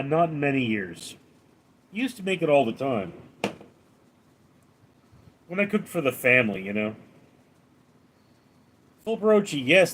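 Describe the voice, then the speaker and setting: A man live-streaming, who reads viewers' comments aloud and answers each one dryly. He talks at an unhurried pace, and his fairly high voice rises and falls a lot. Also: a bit bright. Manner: reads out viewer names and questions, then answers them dryly. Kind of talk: casual live-stream chat.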